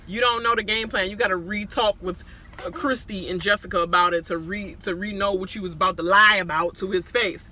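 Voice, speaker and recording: A woman giving a casual, blunt recap of a reality show, animated and full of profanity. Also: medium pitch, brisk, a little hiss or hum.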